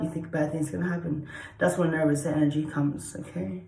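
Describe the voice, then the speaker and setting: A woman's voice: fairly low pitch, steady tone, moderate pace, a little mellow. A woman vlogger lecturing about dogs in a blunt, repetitive way, swearing freely and often checking with "okay?". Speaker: dog trainer vlogger. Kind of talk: lecture-style casual talk to camera. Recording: echoey room.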